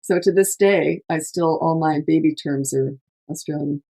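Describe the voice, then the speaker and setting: Middle-aged woman, lowish voice, parenting coach, chatty and emphatic. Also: normal speed, mellow. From Canada. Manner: chatty, emphatic, laughs often, acts out quotes. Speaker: parenting coach, podcast host. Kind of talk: casual advice chat.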